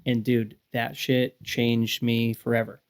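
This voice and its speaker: A man around forty, a podcast guest, telling lively profane stories and acting out what people said. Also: medium pitch, takes it slowly, clean tone. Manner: profane, animated storyteller acting out quotes. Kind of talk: casual storytelling chat.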